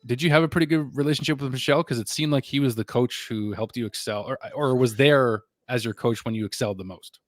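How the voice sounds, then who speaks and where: A man's voice: medium pitch, fast, few pauses, no room sound. Male hockey podcast host; rambles through questions, dry close sound. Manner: chatty, rambling questions with fillers. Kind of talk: casual interview questions.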